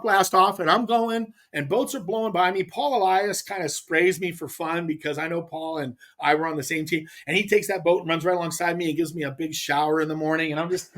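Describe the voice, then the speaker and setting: A middle-aged man from the US West Coast, a podcast guest telling a story in casual chat, lively and laughing, repeating words when excited. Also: sits high. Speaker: podcast guest, pro angler.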